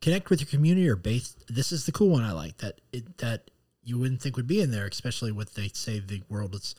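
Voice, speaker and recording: A man's voice: mid-range voice, animated, fairly quick, a little mellow. A man, a pastor co-hosting a podcast, chatting in a playful, joking way and reading items off a list. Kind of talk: casual conversational podcast.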